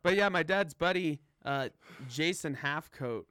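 Smooth-voiced laughing podcast co-host man. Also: on the high side, unhurried, a bit bright, dry recording, studio quality. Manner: laughs often, loose and joking. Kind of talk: casual drinking podcast chat.

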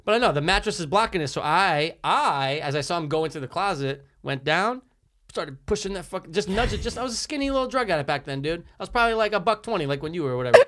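A man's voice: high voice, fast talker. A man telling a story in casual conversation, swearing freely and acting out the people he quotes. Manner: animated, profane, acts out quotes in shifting voices.

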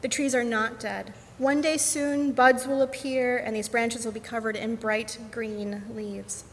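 A woman voicing a gentle, loving mother mole who speaks softly and reassuringly, in a storybook reading. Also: on the high side, fairly even intonation, measured pace. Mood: tender. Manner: soft, soothing, reassuring. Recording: echoey church hall, faint hum.

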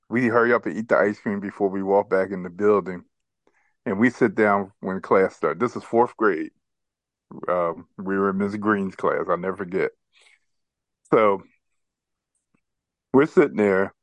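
A man's voice: on the low side, dry recording, muffled recording. A man co-hosting a podcast, telling a childhood story in casual chat and laughing as he goes. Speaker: podcast co-host.

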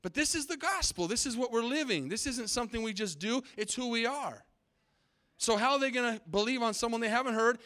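A middle-aged man preaches emphatically from the pulpit of a church sanctuary as pastor, drawing call-and-response from the congregation. His voice is very high-pitched, pushed and bright, and he talks fairly quickly.

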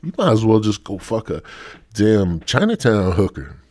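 A man's voice: on the low side, sing-song, moderate pace, darkish tone, no echo. A man hosting a solo podcast, rambling and swearing with a stoned, sore-throated manner. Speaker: podcast host. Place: home studio.

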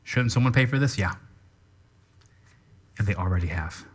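A man preaching a sermon as pastor, teaching in an animated way and calling people up to act out an example. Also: lowish voice, normal speed, breathy edge. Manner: animated teaching with live demonstration.

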